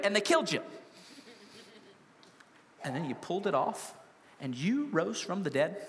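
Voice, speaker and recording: A man preaching a sermon to a congregation, animated and humorous, full of rhetorical questions. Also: sits high, a little fast. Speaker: pastor. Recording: long hall reverb.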